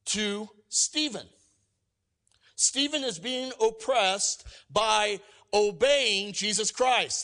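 A male pastor delivering a sermon with a high-pitched voice. His tone is bright and ringing. He talks energetically, acts out quoted lines, and moves between loud emphatic peaks and quiet asides.

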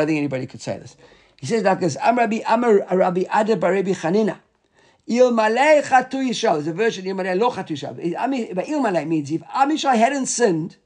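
A man's voice: high-pitched, darkish tone. Man teaching a class. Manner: reads Aramaic and Hebrew aloud, explains in English, repeats and restarts words. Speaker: Talmud teacher. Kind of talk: Talmud class lecture.

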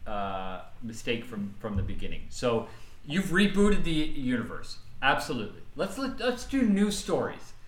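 A man's voice: mid-range voice, huge pitch swings, moderate pace, echoey room. A man arguing emphatically in a casual group debate. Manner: emphatic, argumentative.

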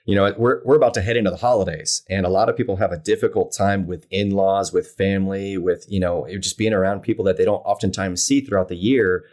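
A man's voice: deep voice, steady tone, fast talker, hardly any pauses, darkish tone. A man hosting an interview, asking long conversational questions. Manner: conversational, rambling questions, frequent "mm" listening sounds. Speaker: interviewer host.

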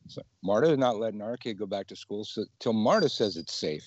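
A man's voice: lowish voice, lively intonation, brisk, lo-fi sound, background noise. A man, a witchcraft teacher, chatting casually as a guest and laughing often. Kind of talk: casual video-call chat.

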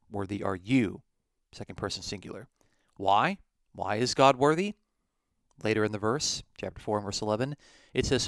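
A man teaching on scripture in a podcast, slow and emphatic, reading Greek passages aloud. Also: fairly low pitch, dry recording, clean studio sound. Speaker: Bible teacher.

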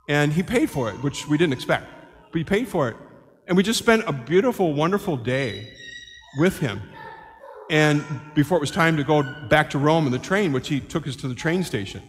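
Older priest, kinda high voice, animated story homily, big echoey church. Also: male voice, moderate pace. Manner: animated, acts out quoted voices.

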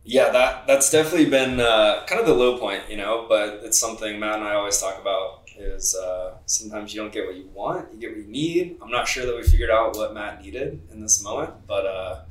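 A man's voice: lowish voice, fairly quick, hardly any pauses. A man hosting a podcast, introducing guests and chatting in an easygoing way. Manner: easygoing, relaxed. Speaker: podcast host. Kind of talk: casual podcast intro and chat. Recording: roomy echo.

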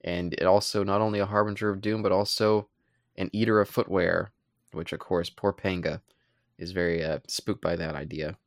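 Low, gravelly male podcast co-host, laid-back rambling recap, close dry mic. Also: normal speed, dry recording. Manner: relaxed and rambling, with playful asides. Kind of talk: casual chat recapping a comic.

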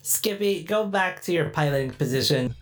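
A woman's voice: low-pitched, expressive, moderate pace, a little hiss or hum. A woman playing a tabletop role-playing game, matter-of-fact and a bit impatient. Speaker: player.

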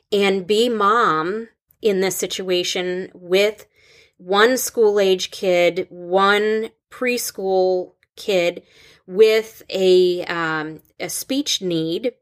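A woman in her thirties, a school counselor hosting a podcast, talking in a halting, open way with many restarts. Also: medium pitch. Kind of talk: casual podcast conversation.

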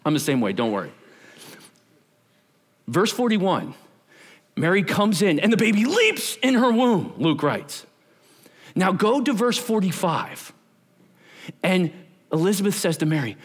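A man with a high voice preaches to a youth camp, and his pitch swings widely from line to line. He keeps it energetic and conversational, joking with his listeners and asking them questions as he teaches. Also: unhurried, long pauses, breathy edge. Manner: energetic, conversational, jokes with the audience. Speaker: pastor.

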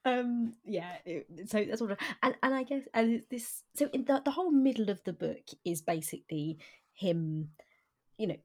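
A woman's voice: medium pitch, expressive, normal speed. A woman co-hosting a podcast, talking casually about a novel with lots of ums and restarts, sometimes reading passages aloud. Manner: hesitant, many ums and restarts. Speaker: podcast co-host.

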